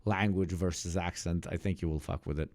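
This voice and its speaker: Deep-voiced, blunt male streamer. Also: steady tone, fairly quick, a little mellow. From Slavic-speaking country. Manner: blunt, sweary, offhand asides. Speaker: streamer reacting to clips. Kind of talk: casual live-stream commentary.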